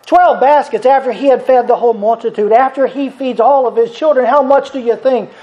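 A man's voice: extremely high pitch, a little fast, a little mellow. A middle-aged man preaching a sermon in a folksy, conversational way, chuckling as he talks. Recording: dull lo-fi recording.

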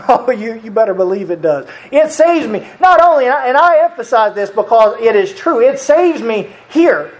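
A preacher giving an earnest, repetitive sermon, often breaking into soft chuckles. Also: medium pitch, sing-song, normal speed, hardly any pauses, rough recording.

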